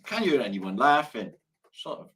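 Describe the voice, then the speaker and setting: A man hosts a casual live stream, his voice jumping about in pitch with a bright, forward tone. He swears freely and reels off dad jokes between greetings to viewers. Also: very animated, normal speed. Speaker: livestream host.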